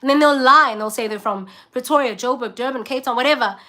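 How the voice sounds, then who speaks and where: In a casual vlog rant to camera, a South African woman speaks bluntly and emphatically. Her voice is high, fast, pushed, and bright.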